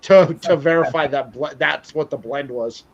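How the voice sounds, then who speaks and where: A man with a fairly high voice hosts a relaxed interview, rambling along and running himself down, full of restarts. The audio is dull and lo-fi. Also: moderate pace, vocal fry. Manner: rambling, self-deprecating, many restarts. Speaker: show host. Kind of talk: casual interview chat.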